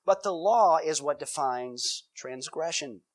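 Guy with a high voice giving a sermon, chatty, reads verses, does little voices for examples. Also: animated, takes it slowly. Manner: conversational preaching with everyday examples, acts out quoted voices. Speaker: pastor.

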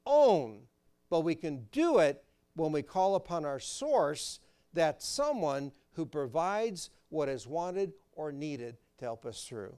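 A male pastor giving a sermon, prompting the congregation to fill in words and swinging from loud emphasis to quiet intensity. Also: on the high side, very animated, slow pace, smooth.

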